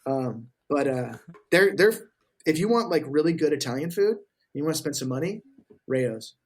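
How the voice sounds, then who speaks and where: A man telling stories in casual podcast chat, profane and animated, acting out what others said. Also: a little high, normal speed. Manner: profane, animated storyteller, acts out quotes. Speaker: podcast guest.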